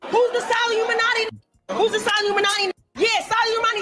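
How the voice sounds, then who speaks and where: A woman streamer shouting a profane, rapid-fire rant of repeated insults. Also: very high-pitched, little pitch movement. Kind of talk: angry live-stream rant. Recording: loud music and crowd noise behind.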